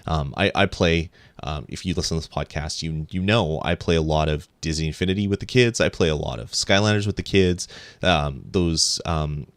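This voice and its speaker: A man with an extremely low voice chats on a gaming podcast, rambling and eager, full of ums and false starts. The sound is dry and close to the microphone. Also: normal speed, no room sound. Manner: excited, rambling with many ums and restarts. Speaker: podcast co-host. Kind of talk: casual chat.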